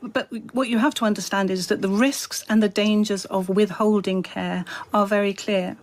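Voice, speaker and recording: A woman doctor answering interview questions in a calm, measured way, sometimes correcting herself. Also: medium pitch.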